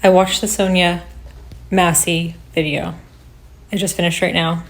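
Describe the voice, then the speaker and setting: A woman giving unscripted reaction commentary, agitated and swearing, shaken and halting as she talks. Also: fairly low pitch, flat delivery. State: shaking with upset. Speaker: reaction video creator.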